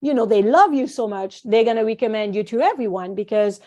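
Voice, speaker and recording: A fairly high-voiced French-born woman, first language French, talking as a guest on a podcast interview. She tells stories with lively energy, acting out the voices of the people she quotes. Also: brisk, lo-fi sound. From France. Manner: animated storytelling, acts out quoted voices. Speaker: guest, acupuncturist and course founder.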